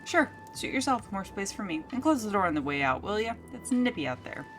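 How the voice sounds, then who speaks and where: A woman voicing a stubborn, possessive male goat who talks in gruff, clipped, folksy phrases. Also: mid-range voice, big pitch swings, fairly quick, soft background music, lightly acted. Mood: defiant.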